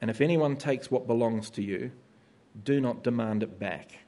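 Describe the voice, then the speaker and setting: A man's voice: mid-range voice, normal speed, dark tone. Conversational male preacher giving a sermon. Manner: conversational, acts out listeners' voices.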